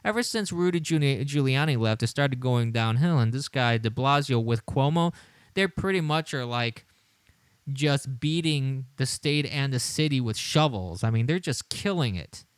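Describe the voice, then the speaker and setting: A man's voice: medium pitch, lively intonation, moderate pace, smooth, no room sound. A man hosting a casual livestream, reading replies aloud with frequent laughter, disbelief and stumbling restarts. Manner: laughing, incredulous, rambling with restarts. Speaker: livestream host.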